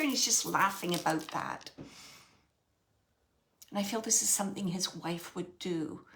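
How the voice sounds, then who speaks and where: A woman medium passes along a spirit's words in a bright, slightly gravelly voice. She speaks in halting, repeated phrases and slips into near-whispers while she searches for the right word. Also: medium pitch. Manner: relays messages in soft, halting phrases, drops to whispers. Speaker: psychic medium. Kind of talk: channeling a spirit reading.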